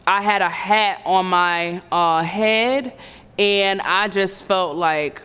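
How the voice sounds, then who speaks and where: A woman in her thirties earnestly recounting a painful personal story, halting and full of fillers. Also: medium pitch, a bit bright, clean tone, in a large hall. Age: 30s. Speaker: survivor telling her story. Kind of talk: personal testimony.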